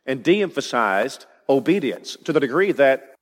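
A man's voice: medium pitch, sing-song, unhurried, big-room sound. A man preaching an expository sermon, emphatic and building to rising declarations.

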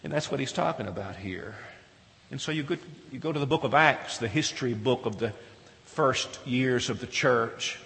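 A man's voice: mid-range voice, moderate pace, gravelly, fairly bright tone. A man preaching a sermon, earnest and emphatic, often asking his listeners questions. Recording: reverberant hall.

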